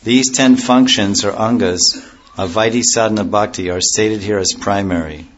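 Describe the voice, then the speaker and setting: A man's voice: fairly low pitch, moderate pace, highs cut off. A man teaching a devotional class as a spiritual teacher, wandering into stories and then explaining scripture terms in plain words. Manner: rambling, digresses into stories and loses the thread.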